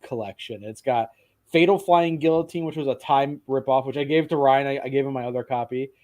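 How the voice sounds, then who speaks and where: A man's voice: mid-range voice, fairly quick, a little mellow. A man hosting a casual podcast chat, talking with enthusiasm and rambling a little, with casual swearing.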